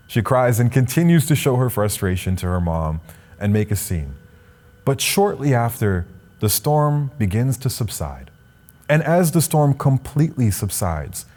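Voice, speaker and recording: A man's voice: lowish voice, warm tone. A young man from Canada, a spoken word poet, giving a motivational address and reciting poetry with rhythmic sweeping rises and falls.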